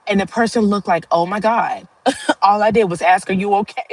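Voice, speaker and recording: A woman talks straight to her livestream viewers, earnest and a little rambling, with frequent laughs. Her voice sits at a middling pitch for a woman. The sound is dry and close, with no room echo. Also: fairly quick. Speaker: livestream host. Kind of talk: casual heartfelt monologue.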